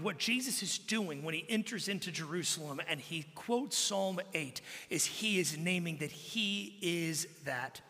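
A male pastor preaching a sermon, swinging between loud exclamations and hushed murmurs. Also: high-pitched, breathy edge. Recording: long hall reverb.

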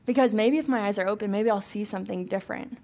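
A woman's voice: mid-range voice, fast talker, darkish tone. A young woman leading a casual Bible study, talking informally, asking the group questions and laughing easily.

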